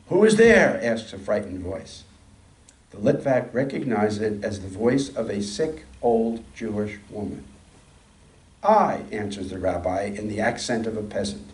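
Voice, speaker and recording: A man giving a sermon, reading a story aloud in a slow, measured way. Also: lowish voice, darkish tone, roomy sound, distant mic, rough recording. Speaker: speaker.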